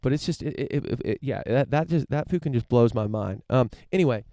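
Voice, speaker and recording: An American podcast host riffs through a casual opinion monologue, rambling with plenty of fillers, restarts and casual swearing. His medium-pitched voice is warm, animated and a little fast. The sound is studio quality, with no room sound.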